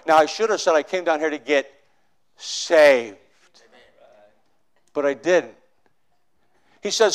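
A male preacher telling his conversion story in a sermon, swinging from loud shouts to hushed confession. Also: on the high side, slow pace, long pauses, smooth. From northern United States. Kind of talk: sermon testimony.

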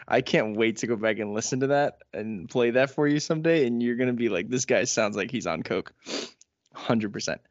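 A man's voice: on the low side, fairly quick, dry recording. A man co-hosting a podcast in casual, teasing chat. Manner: joking, teasing, does mock ads. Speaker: podcast co-host. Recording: dry, dull lo-fi podcast audio.

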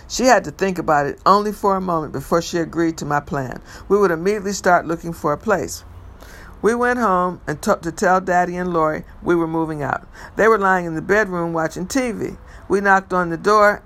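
A man reads a first-person novel aloud, steady and measured, now and then tripping over a word and restarting. His voice is bright and fairly high for a man. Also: poor audio. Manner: measured first-person storytelling with occasional stumbles. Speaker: reader.

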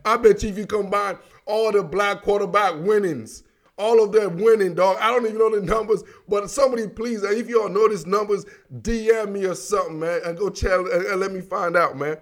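A man's voice: sits high, fairly even intonation, moderate pace. A man from Africa hosting a sports talk show, riffing casually in slangy, rambling talk that is full of "dog" and "man" and broken up by frequent chuckles. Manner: laughs often mid-sentence. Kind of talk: casual sports commentary monologue.

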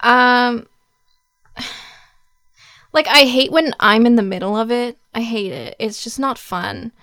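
Halting woman in casual chat. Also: a little high, animated, pushed and bright, no room sound, studio quality. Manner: reactive, halting, lots of fillers.

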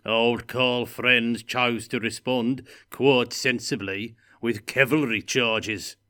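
A man reading a story aloud and voicing a gruff, bloodthirsty male dwarf warrior who speaks loudly, slowly and grimly. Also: medium pitch, fairly even intonation.

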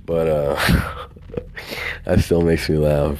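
Rambling low-voiced Southern man. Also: little pitch movement, takes it slowly, a little mellow, soft background music. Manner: rambling, swears often, laughs at himself. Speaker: podcast host. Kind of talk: casual solo podcast monologue.

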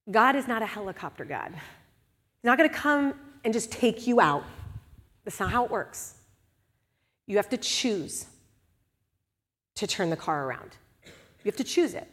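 A woman giving a sermon at a church service, candid and conversational, swinging between hushed and loud moments. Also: medium pitch, animated, measured pace, long pauses, long reverb tail.

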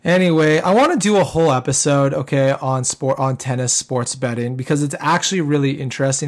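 A man hosting a casual solo podcast, rambling with lots of fillers and tag questions, his voice getting worn. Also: mid-range voice. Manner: rambling, filler-heavy, keeps tagging "okay?". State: losing his voice. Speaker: podcast host.

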